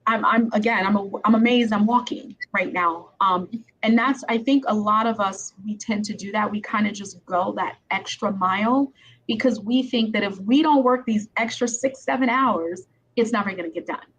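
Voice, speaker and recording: A woman's voice: medium pitch, normal speed, a bit bright, slightly rough. A woman attorney hosting a podcast interview, talking in a chatty, conversational way. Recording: slightly dull sound with faint background noise.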